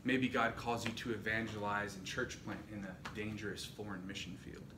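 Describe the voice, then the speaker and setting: A man's voice: fairly low pitch, level tone, moderate pace. Man preaching in an echoey hall. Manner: dramatic storytelling, rising and falling intensity. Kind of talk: sermon. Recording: echoey room, distant mic, noisy.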